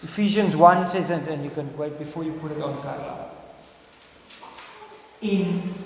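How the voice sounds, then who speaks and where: A South African pastor preaches with a strikingly high voice, hammering words through repetition, then sinking into hushed appeals. His voice rings through a big church hall from a far microphone. A faint hum sits under it all. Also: a little slow, long pauses. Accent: South African English. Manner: preaching with emphatic repetition and sudden quiet pleas. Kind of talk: sermon. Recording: echoey hall, distant mic, faint noise.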